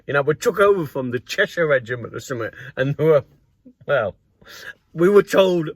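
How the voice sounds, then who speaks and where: A man's voice: on the high side, normal speed, dry recording. A middle-aged man casually telling a personal story to camera, acting out the voices of the people in it. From North East England. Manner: animated anecdote with acted quotes and laughs. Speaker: grass cutting business owner and vlogger.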